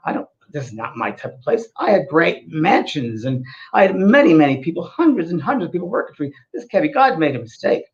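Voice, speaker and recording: A man's voice: fairly high pitch, very animated, fast talker, highs cut off. A man playing a proud, very wealthy old man who protests in disbelief. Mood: indignant.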